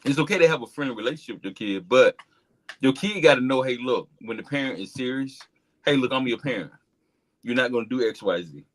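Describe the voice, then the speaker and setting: A man's voice: medium pitch, expressive, a little fast, rough recording. Emphatic man preaching about parenting. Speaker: podcast co-host. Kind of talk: casual group chat.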